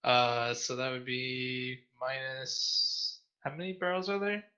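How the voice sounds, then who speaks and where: Playing a tabletop game over voice chat, a man talks slowly at a medium pitch. He's excitable yet apologetic, often putting himself down over his errors.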